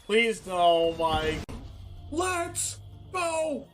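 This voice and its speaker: An excitable man calls out his card game plays live on stream, often shouting and breaking into laughter. His voice sits very high and swings widely in pitch, and he draws out his words slowly. Faint music plays underneath.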